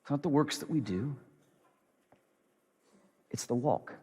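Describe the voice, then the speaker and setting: A pastor preaching a sermon in an earnest, repetitive way, moving between loud emphasis and soft near-whispers. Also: male voice, mid-range voice, expressive, a little slow, husky. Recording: long hall reverb.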